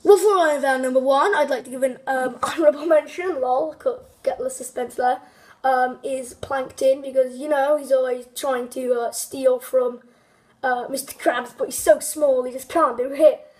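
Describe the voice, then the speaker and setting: A woman's voice: sits high, steady tone, moderate pace. A woman hosting a casual, unscripted countdown video, rambling with many fillers, restarts and small giggles. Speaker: video host.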